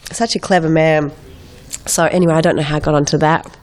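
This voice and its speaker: An Australian woman in her thirties tells stories in a lively, chatty way, slipping into quick impressions. Her voice sits a little low for a woman and carries the slight stuffiness of a lingering head cold. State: getting over a head cold. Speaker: guest actress. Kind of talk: casual chat.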